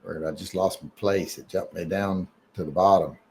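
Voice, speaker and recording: A man's voice: low-pitched, steady tone, moderate pace, a little mellow, a little hiss or hum. A man hosting a casual live stream, reading emails and chat, rambling and joking with many fillers and restarts.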